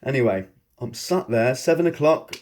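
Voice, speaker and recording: Man, mid-pitched voice, casual vlogger recounting his past, excitable and rambling, laughs between lines. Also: moderate pace. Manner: rambling, excitable, frequent chuckles. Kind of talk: casual storytelling monologue.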